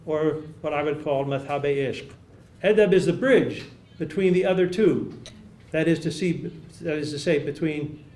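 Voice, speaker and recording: A man's voice: fairly high pitch, a little mellow. Man lecturing in an echoey hall. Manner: measured, reads quotes aloud, repeats key phrases. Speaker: academic speaker. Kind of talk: conference lecture.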